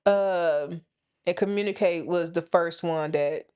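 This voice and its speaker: A woman's voice: lowish voice, slow pace, a little mellow, clean tone. Woman, 30s or 40s, podcast co-host, frank, opinionated, casual swearing. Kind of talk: casual chat.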